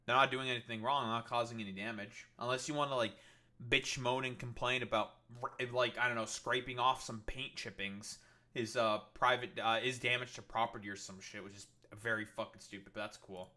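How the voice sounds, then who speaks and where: A man's voice: mid-range voice, steady tone, brisk, bright, forceful tone. A man ranting sarcastically and swearing constantly as he reacts to news clips on a livestream, full of fillers like "uh" and "like". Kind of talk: political commentary livestream.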